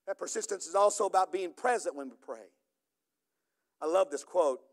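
A middle-aged male pastor preaching a sermon, moving from quiet storytelling to loud, emphatic passages. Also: high-pitched, moderate pace.

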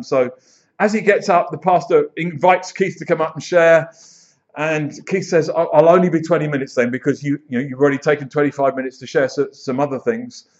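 A man preaching a sermon in church, telling stories with lively acted-out quotes. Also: fairly high pitch. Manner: animated storyteller, acts out quoted voices. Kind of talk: sermon with storytelling. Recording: dull lo-fi sound.

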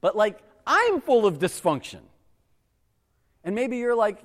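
A man giving a casual, conversational sermon as a pastor, animated and acting out exasperated voices. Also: high voice, unhurried, long pauses, in a large hall.

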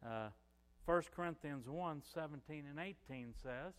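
A man's voice: fairly high pitch, measured pace, in a large hall. An older man preaching a sermon as pastor, in a conversational way with many "you know" fillers.

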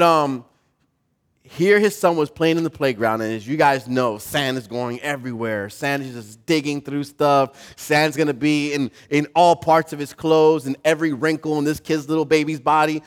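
A pastor with a fairly high male voice preaches a sermon, animatedly telling a story and putting questions to the congregation.

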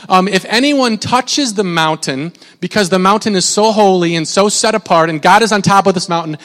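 In a casual sermon, a young male pastor with a high voice preaches in an animated, rambling style, frequently restarting and cutting himself off. A long reverb trails his words, suggesting a large hall.

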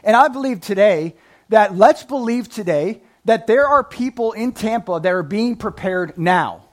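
A pastor with a high-pitched voice delivers a sermon, his pitch jumping as he moves between loud, emphatic lines and quiet asides. Expressive and unhurried, he reads scripture and laughs at his own jokes.

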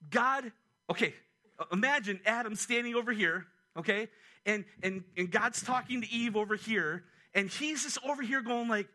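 Male pastor, lively chatty sermon delivery, bright and high-pitched. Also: normal speed. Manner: animated, conversational preaching with asides. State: a little out of breath.

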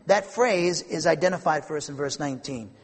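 A man's voice: a little high, brisk, husky, in a large hall. A man preaching a conversational Bible-teaching sermon, rambling and repeating himself, then building to emphatic fervor.

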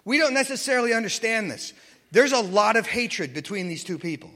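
Man, Bible teacher, slightly high voice, chatty and joking, long reverb. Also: expressive, brisk, pushed and bright. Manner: chatty, joking, asks "okay?" and "right?" often. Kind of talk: casual Bible teaching with stories.

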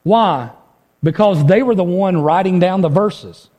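Pastor, male, fairly high voice, preaches conversationally with lots of rhetorical questions. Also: unhurried, mellow. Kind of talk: sermon.

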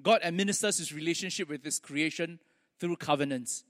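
A male pastor preaching, telling stories with pauses and small restarts. His voice sits high for a man, and a long church-hall reverb trails each phrase. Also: fairly bright tone. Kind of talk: sermon.

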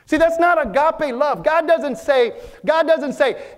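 Male pastor, very high voice, earnest sermon delivery in a reverberant hall. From Vietnam. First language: Vietnamese. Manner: earnest, repeats phrases, slows for emphasis.

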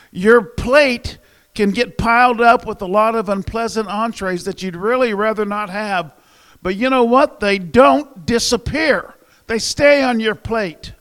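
A long reverb tail trails the high, somewhat bright voice of a male pastor. Preaching a sermon in a chatty, conversational way, he jokes around and takes polls of the congregation.

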